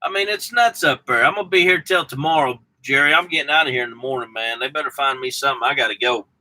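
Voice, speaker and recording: A man's voice: mid-range voice, fast, pushed and bright, low-quality recording. A man with a Southern US accent, a truck driver chatting casually and rambling to his viewers by name. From Southern United States. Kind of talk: casual live chat with viewers.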